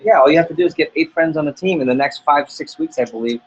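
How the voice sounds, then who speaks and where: A man's voice: fairly high pitch, quick pace, slightly rough, dull audio. A man leading a sales team training talk, upbeat and motivational, acting out little dialogues as he goes. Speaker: sales office manager.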